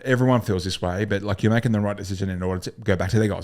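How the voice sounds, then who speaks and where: A man's voice: on the low side, steady tone, rapid-fire, few pauses, darkish tone. Blunt sales coach, man. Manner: blunt, swears casually, acts out sales calls. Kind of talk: coaching lesson on sales scripts.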